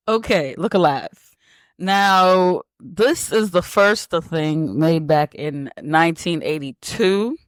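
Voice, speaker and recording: A woman's voice: on the low side, animated, takes it slowly, no room sound. Teasing woman podcast host. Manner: teasing, laughs often, bossy with her co-host. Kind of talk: casual chat.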